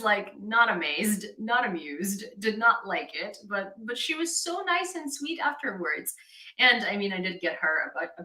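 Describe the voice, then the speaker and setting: A woman's voice: on the high side, bright, forceful tone, reverberant, low-quality recording. A woman from Ukraine hosting a casual livestream, telling a chatty story and greeting viewers in the chat. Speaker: livestream host.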